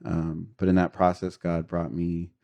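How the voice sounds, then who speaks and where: Deep-voiced man sharing a raw testimony. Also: level tone, unhurried, gravelly, muffled recording. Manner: earnest, confessional, with frequent fillers and short laughs. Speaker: podcast guest. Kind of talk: candid personal testimony.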